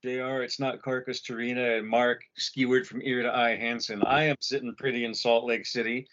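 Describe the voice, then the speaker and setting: Profane, animated man telling a story. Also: mid-range voice, normal speed, few pauses, dull audio. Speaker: podcast co-host. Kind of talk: casual chat, storytelling. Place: home condo.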